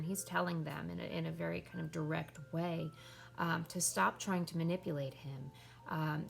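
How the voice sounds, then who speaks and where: Woman teacher, gravelly voice, explanatory lesson, keeps checking in with students. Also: fairly low pitch. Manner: explanatory, with checking questions like "right?" and "okay?".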